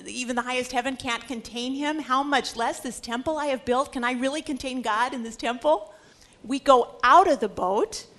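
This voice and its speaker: A woman's voice: on the high side, a bit bright. A middle-aged woman teaching a Bible lecture, earnest and emphatic. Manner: earnest, acts out scripture quotes with emphasis. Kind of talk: religious lecture.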